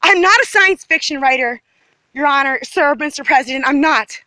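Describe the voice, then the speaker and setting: Speaking to the camera outside in her neighborhood, a female vlogger rants in an agitated, emphatic way, hopping between topics. Her voice sits high and sounds sharp and expressive, at a normal pace with no echo.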